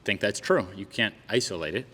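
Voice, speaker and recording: A man's voice: on the low side, expressive, a little fast, pushed and bright, in a large hall, a little hiss or hum. A man speaking as a podcast guest on knee training, earnest and building to heated emphasis in casual conversation.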